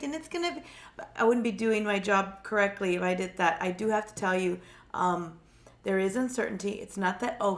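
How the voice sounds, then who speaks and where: A woman with a sore, slightly gravelly throat gives psychic readings on a live stream. She keeps her voice low and soft, trailing and repeating words as she reaches for what she senses. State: sore throat, speaking quietly. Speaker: psychic reader, co-host.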